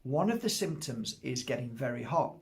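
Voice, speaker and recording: A man's voice: medium pitch, animated, moderate pace. A man, a crystal healer, giving a casual spiritual teaching talk, speaking straight to the listener and repeating and listing his words.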